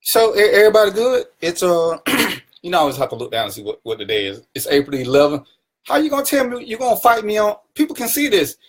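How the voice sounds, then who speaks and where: Speak as a teasing live-stream host, slightly high voice. Chat with viewers in playful, familiar banter, greet them by name, and tease them casually. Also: male voice, sing-song, fast. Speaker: livestream talk show host.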